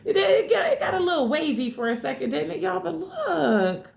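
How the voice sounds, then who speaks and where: A woman giving a casual tarot reading to her viewers, excitable and swearing freely, calling them y'all. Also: very high voice, normal speed, vocal fry. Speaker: tarot reader. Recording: echoey room.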